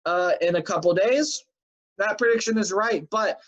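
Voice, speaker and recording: Speaking at a moderate pace in a high, somewhat bright voice, a tired, yawning man hosts a casual weekly sports news recap. His talk is chatty and filler-heavy, with "um," "uh," and offhand predictions, captured on dull lo-fi home audio.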